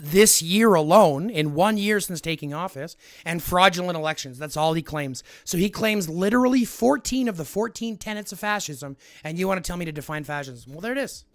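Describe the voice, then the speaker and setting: A man's voice: high voice, expressive, normal speed, hardly any pauses, fairly bright tone, no room sound, clean studio sound. Combative man lecturing his stream chat. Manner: combative, lecturing, repeats himself. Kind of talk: heated live-stream argument with chat.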